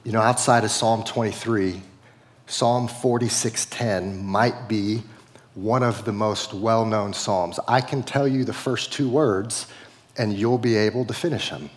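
Slow-talking pastor in a reverberant hall. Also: male voice, fairly low pitch, fairly even intonation. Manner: conversational preaching with many "like" fillers. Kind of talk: sermon.

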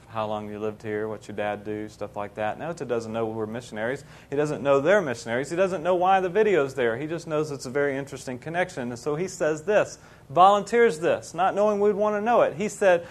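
A middle-aged man preaching, telling a mission story in an animated way and acting out the people he quotes. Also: mid-range voice. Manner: animated, acts out quoted voices. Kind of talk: sermon storytelling.

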